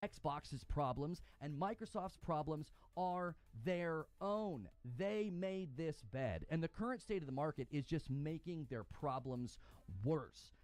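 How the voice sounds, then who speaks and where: A man rants with indignant fury, his high voice leaping up and down as he hammers each point. He sounds like a gaming commentator letting his anger run. The sound is close and dry. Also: a little mellow, dry recording. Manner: angry, indignant, emphatic. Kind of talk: heated opinion rant.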